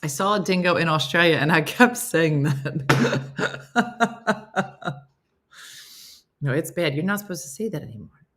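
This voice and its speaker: Low-voiced chatty woman hosting a show. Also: animated, measured pace, long pauses, a bit bright. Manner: chatty and self-mocking, breaks into laughter. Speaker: host of a morning livestream chat show. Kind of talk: casual live chat, reading viewer comments aloud.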